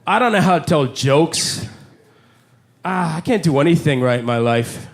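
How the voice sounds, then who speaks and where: Man playing an awkward school friend, rambling, mopey, self-pitying, high-pitched voice. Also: expressive, moderate pace.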